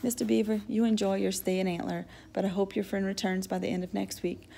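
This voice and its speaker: A woman voicing a kindly, soft-spoken male sheriff who questions a boy gently and awkwardly. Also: mid-range voice, level tone, a little fast, vocal fry, a little hiss or hum, lightly acted.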